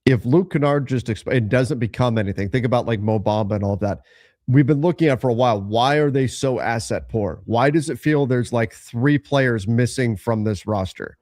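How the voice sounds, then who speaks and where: A man hosts a live basketball trade-deadline show, laying out his opinions in a measured way with emphatic verdicts. His voice sits in a middle register. The sound is dry and close to the mic. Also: medium pitch, a little mellow, dry recording. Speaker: podcast host. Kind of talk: live basketball analysis chat.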